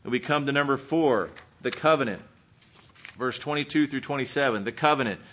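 A man preaching a sermon, earnestly reading scripture and swinging between emphatic peaks and quiet, searching questions. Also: medium pitch, brisk, slight background noise. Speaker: pastor. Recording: dull lo-fi sermon recording.

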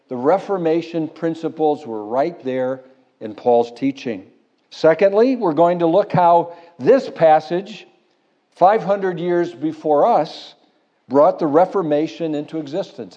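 A man preaching a sermon as pastor, building to emphatic high peaks and then dropping low and soft. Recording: dull lo-fi sound.

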